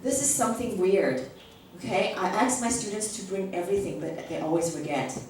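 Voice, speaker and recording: A teacher trainer with a mid-range, slightly mellow voice speaks a little fast while leading a workshop for teachers, acting out classroom phrases and often checking in with "okay?". She's recorded from far off in a large echoey classroom, with slight background noise.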